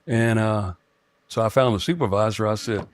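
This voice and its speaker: Middle-aged man, deep dry voice, halting storyteller full of restarts. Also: no room sound. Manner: halting, with frequent restarts and fillers. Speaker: guest telling a personal experience. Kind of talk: rambling first-person storytelling.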